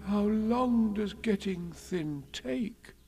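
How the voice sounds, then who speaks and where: A man voicing a gentle, simple-minded storybook bear, speaking softly, slowly and plaintively. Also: high-pitched, expressive, reverberant, in a large hall, over music, voice pushed up, full character voice. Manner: soft, slow, plaintive.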